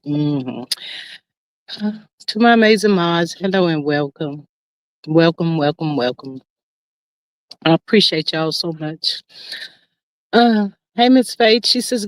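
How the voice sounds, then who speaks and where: A woman talks into a close mic in a dry room, hosting her livestream. Her voice sits in a middle pitch, and she chats in a playful, easygoing way, full of slang. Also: clear, resonant tone, dry recording. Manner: chatty, playful, Southern-inflected slang. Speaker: livestream host. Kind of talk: casual chat.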